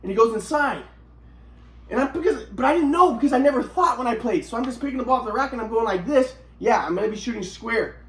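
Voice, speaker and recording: A man's voice: extremely high pitch, expressive, quick pace. A man rambling agitatedly through a personal story, swearing often and restarting his sentences. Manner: agitated, profane, repeats and restarts himself. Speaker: vlogger telling his own story. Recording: echoey room.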